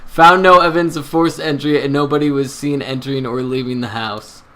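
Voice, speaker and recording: A man voicing a formal, stern male chief inspector in a video game, measured and officious. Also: medium pitch, steady tone, bright, forceful tone, natural voice. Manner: measured, officious, slow delivery.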